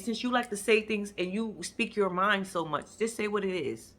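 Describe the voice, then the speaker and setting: Brash, bright-voiced woman ranting casually. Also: medium pitch, normal speed, few pauses. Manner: blunt, sassy, profane commentary with sudden loud bursts. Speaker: reality TV recap vlogger. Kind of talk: animated casual recap rant.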